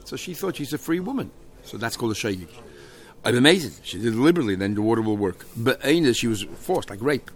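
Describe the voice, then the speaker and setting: A man's voice: medium pitch, very animated, quick pace. Man, Talmud teacher, reads then translates, chatty, fillers. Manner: reads Aramaic phrases then translates them, with many fillers. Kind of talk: explaining a Talmud page.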